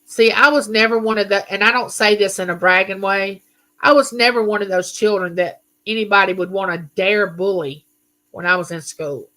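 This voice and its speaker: Hosting a live chat, a middle-aged woman greets her viewers and reads their comments out loud. Her mid-range voice sounds pushed and bright.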